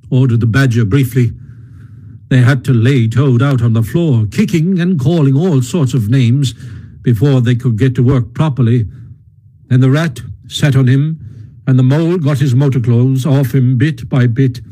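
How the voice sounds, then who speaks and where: Brief: male audiobook narrator, husky and mellow, steady delivery. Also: mid-range voice, normal speed, poor audio. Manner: steady, even storytelling.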